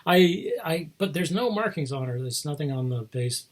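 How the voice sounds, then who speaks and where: A man's voice: a little high, animated, normal speed. A man hosting a casual chat about toy figures, rambling into asides and chuckling often. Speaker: host showing toy figures.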